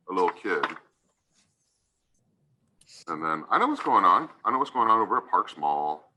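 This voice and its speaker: A man's voice: lowish voice, noisy background. A man serving as judge, giving a stern courtroom lecture and repeatedly asking "right?" to press his point.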